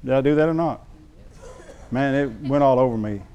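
A man preaching a sermon as pastor, telling a story in an animated way and acting out the voices he quotes. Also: medium pitch, normal speed, muffled recording.

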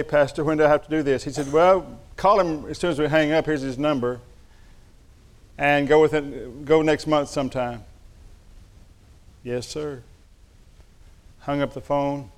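A man's voice: fairly high pitch, steady tone, moderate pace, long pauses. A middle-aged man preaching a sermon, telling folksy stories with humor. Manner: folksy storytelling with humor and Southern address. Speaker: pastor.

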